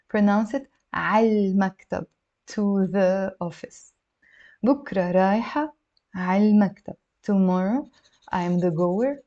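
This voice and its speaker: A woman teaching a language lesson, patiently breaking phrases down and repeating them slowly. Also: medium pitch, dark tone, muffled recording.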